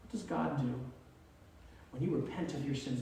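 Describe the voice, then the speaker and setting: A male pastor preaching a sermon, emphatic and swinging from loud to quiet. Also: fairly high pitch, normal speed, gravelly, a little hiss or hum. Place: church sanctuary. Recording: echoey church from far off.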